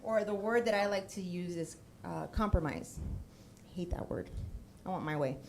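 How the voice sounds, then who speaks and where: On a theater stage, a Miami woman in her thirties tells a comic personal story, acting out the voices of the people she quotes. Her voice is low-ish and creaky, at a moderate pace.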